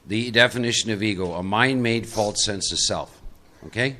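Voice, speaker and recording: A man's voice: on the low side, normal speed, sharp tone. A man giving a live recovery workshop talk, conversational and coaxing as he pulls volunteers from the audience into a role-play. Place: meeting room with audience.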